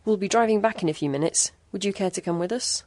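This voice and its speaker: A woman voicing a steady young male engineer who speaks in a calm, reassuring way. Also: mid-range voice, fast talker, no room sound, voice pushed up, natural voice.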